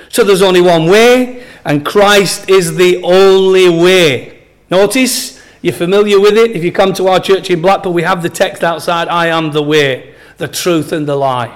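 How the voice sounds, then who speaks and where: A man preaching a sermon as pastor, stressing and repeating key phrases slowly. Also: high-pitched.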